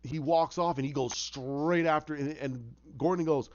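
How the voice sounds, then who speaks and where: Hyped guy telling his movie idea, goes dun dun and boom, kinda high voice, muffled audio. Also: moderate pace. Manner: excitable, acts out scenes with sound effects. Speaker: fan pitching a film idea. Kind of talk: casual storytelling. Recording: muffled lo-fi recording.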